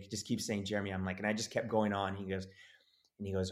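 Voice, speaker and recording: Lively male actor telling a story. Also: lowish voice, fast talker. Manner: animated, acts out quoted voices. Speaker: actor guest. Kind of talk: casual storytelling interview.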